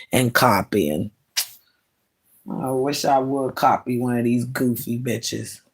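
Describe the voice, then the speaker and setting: A woman in her late forties ranting bluntly on a livestream, scornful and mocking, with laughing asides. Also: sits low. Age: 40s. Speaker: livestream host. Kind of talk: livestream rant.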